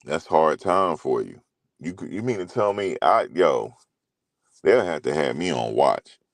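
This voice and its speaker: A man's voice: extremely low pitch, animated, measured pace, no room sound. A middle-aged man talking loosely and casually as a commentary host, rambling through stories with slang and profanity.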